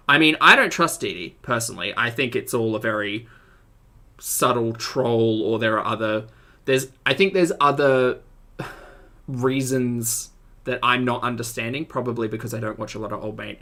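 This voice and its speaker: A man's voice: medium pitch, normal speed, creaky. A man giving casual, exasperated reaction commentary as a streamer. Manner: animated, exasperated, chatty.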